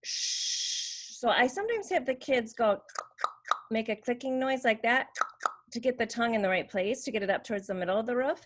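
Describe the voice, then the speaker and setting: A woman's voice: fairly high pitch, expressive, a little fast. A woman teaching how to make speech sounds, explaining patiently and demonstrating each sound. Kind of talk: slow instructional demonstration.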